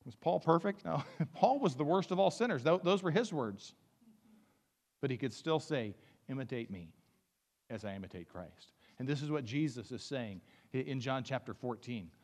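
A man's voice: medium pitch, animated, normal speed, a little mellow. Preaching man in a reverberant church hall. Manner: earnest, building to emphatic peaks, reads scripture aloud. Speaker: pastor. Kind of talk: sermon. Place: church sanctuary.

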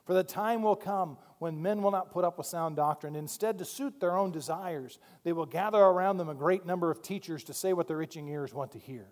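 A man preaching a sermon from a church pulpit, animated, moving between quiet asides and loud emphatic points. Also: high-pitched, brisk, few pauses. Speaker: pastor. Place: church sanctuary. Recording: long hall reverb.

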